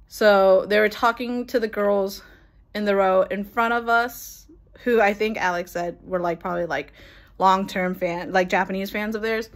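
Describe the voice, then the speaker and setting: A young woman telling an excited, rambling story in casual chat, laughing and swearing as she goes. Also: mid-range voice, a little fast. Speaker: vlogger.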